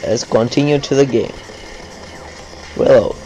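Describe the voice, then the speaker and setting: Slow, cursing gamer man. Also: medium pitch, mellow, soft background music, rough recording. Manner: cursing, grumbling running commentary. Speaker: gameplay commentator. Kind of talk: live gameplay commentary.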